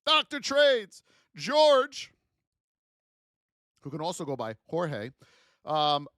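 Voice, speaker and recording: A man with a high, animated voice hosts a live trading stream, swinging freely up and down as he talks. He is blunt and chatty, trading stories and speaking straight to his viewers. The sound is close and dry, with no room around it. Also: slow, dry recording.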